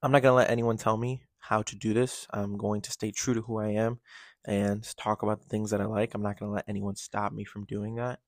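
A man's voice: lowish voice, darkish tone, no room sound. A man hosting his own podcast, talking candidly in a rambling solo monologue full of fillers and restarts. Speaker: podcast host.

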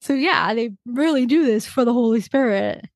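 A woman's voice: on the high side, moderate pace, no room sound. A young woman co-hosting a podcast in casual chat, laughing often and restarting her sentences. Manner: chatty, laughs often, many fillers and restarts. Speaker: podcast co-host.

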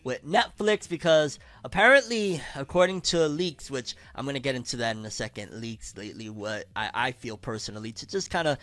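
A man hosting a casual commentary vlog, talking in an animated, slangy way and drifting off into tangents. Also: medium pitch, brisk, hardly any pauses, no room sound. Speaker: anime news video host.

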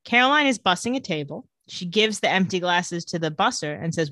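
A woman chats through a TV episode recap with a bright, forward tone. Her voice sits dry and close, with no room sound. She keeps slipping into quick acted-out quotes of the characters. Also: fairly low pitch, no echo. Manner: animated retelling with acted-out quotes. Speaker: podcast co-host recapping a TV episode. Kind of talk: casual chat.

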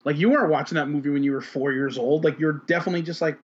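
A man's voice: fairly high pitch, fairly even intonation, very fast, husky, lo-fi sound. A man hosting a podcast in casual chat, rambling with lots of fillers and cursing freely. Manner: rambling, heavy on fillers, profane. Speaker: podcast host.

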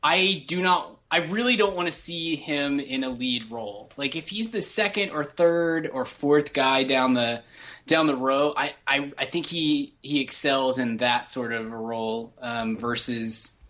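Rambling bright-voiced man. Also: mid-range voice, unhurried. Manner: rambling, many restarts. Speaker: podcast co-host. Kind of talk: casual movie chat.

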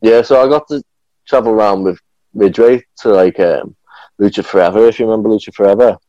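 A man's voice: lowish voice, quick pace, warm tone, no echo, lo-fi sound. A young man chatting casually as a podcast guest, rambling with lots of fillers and restarts. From England. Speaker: guest, professional wrestler.

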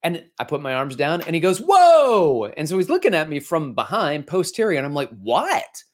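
A man hosting an educational fitness podcast, telling stories and explaining in a conversational, animated way. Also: on the high side, fast. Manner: animated, storytelling, conversational with fillers. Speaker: podcast host and fitness instructor.

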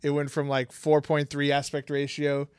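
Rambling, slightly high-voiced podcast host. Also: male voice, completely flat delivery, moderate pace, smooth, no room sound, clean studio sound. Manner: rambling, filler-heavy, laughs often. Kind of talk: casual chat.

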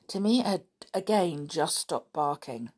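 A woman reading a children's novel aloud as a podcast storyteller, in a steady, expressive way. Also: low voice, a little slow, slightly rough.

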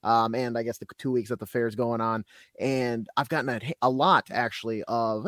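A man's voice: medium pitch, steady tone, normal speed, a bit bright, no echo, clean studio sound. A man co-hosting a sports talk podcast, a chatty storyteller who laughs easily. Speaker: podcast co-host.

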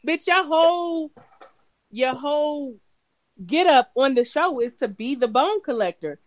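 A woman's voice: sits high, expressive, measured pace. A woman co-hosting a casual recap chat, blunt and shady, with profanity. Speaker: podcast co-host.

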